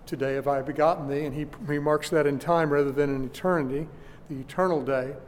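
A man preaching a sermon, teaching church history deliberately with frequent restarts, recorded in a church hall. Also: a little high, fairly even intonation, slight background noise. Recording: long hall reverb.

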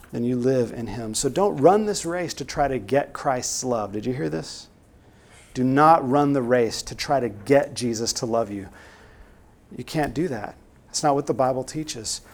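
A man's voice: medium pitch, a little mellow. Earnest male preacher exhorting a congregation. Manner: earnest, exhorting, rhetorical questions. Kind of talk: sermon.

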